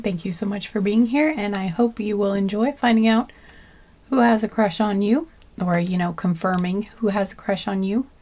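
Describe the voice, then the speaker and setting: Sleepy soft-spoken woman reading tarot. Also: mid-range voice, no room sound. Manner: soft-spoken, unhurried, trailing off with fillers. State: tired and sleepy. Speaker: tarot card reader. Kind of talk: relaxed pick-a-card reading, chatty and rambling.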